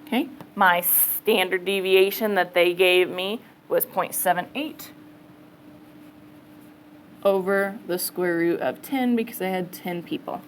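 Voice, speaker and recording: A woman's voice: lowish voice, measured pace, a little hiss or hum, rough recording. Chatty woman teaching a math class. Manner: casual, chatty, thinks aloud, says okay often. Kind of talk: classroom lecture. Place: classroom with students.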